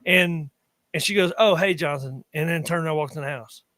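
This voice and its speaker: Speaking quickly with a fairly high, steady pitch, this man sounds pushed and bright in a recording with no room sound. He's an Appalachian-accented podcast co-host in his thirties from western North Carolina, telling meandering stories in casual chat and often breaking off mid-sentence.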